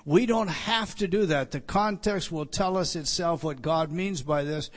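A man's voice: fairly high pitch, a little slow. A man preaching a sermon as pastor, teaching through a passage emphatically and repeating his points. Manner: emphatic, repetitive teaching with many restarts.

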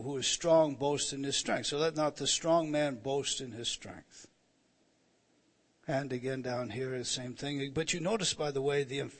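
A man's voice: medium pitch, a bit bright. A man preaching an expository sermon, reading verses aloud and explaining them with emphatic rises and frequent restarts.

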